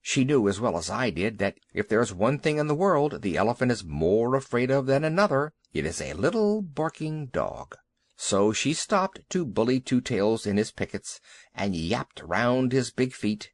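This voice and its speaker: A man narrating a children's audiobook in a lively, expressive way. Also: mid-range voice, normal speed, dry recording. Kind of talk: storybook narration.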